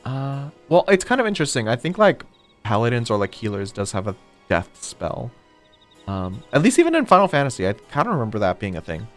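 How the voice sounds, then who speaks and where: A man's voice: medium pitch, wildly swooping pitch, brisk, soft background music. A man streaming a video game, rambling and chatty, often mocking himself. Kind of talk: casual gameplay commentary.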